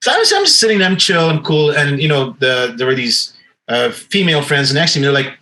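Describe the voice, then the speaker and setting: Guy telling a wild bar story, pitch jumping all over, bright voice. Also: fast, rough recording. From Canada. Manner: animated, profane, acts out quotes. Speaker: podcast host. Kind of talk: casual storytelling.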